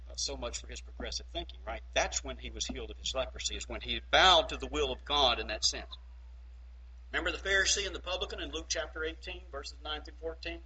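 A man preaching a sermon emphatically, swinging between loud and hushed and checking in with "okay?". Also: a little high, breathy edge, low-quality recording.

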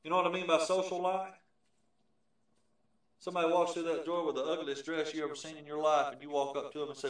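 A man preaching a sermon, emphatic and shifting from loud declarations to hushed asides. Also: a little high, steady tone, quick pace. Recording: echoey, from far off the mic.

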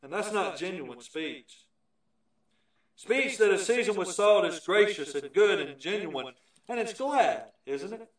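A high-pitched male preacher delivers an emphatic sermon, swinging between booming points and quiet asides. He is heard from some distance off the mic, and the sound rings through a very echoey church hall. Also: lively intonation, measured pace. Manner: emphatic, varies volume from loud to hushed.

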